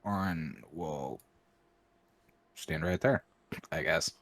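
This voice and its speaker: A man playing a tabletop game, blunt and gruff. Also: extremely low pitch, slow, a bit bright. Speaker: player.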